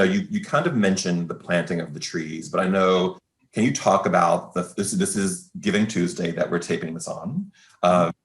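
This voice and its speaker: Deep-voiced man interviewing casually. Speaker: interviewer, association chairman.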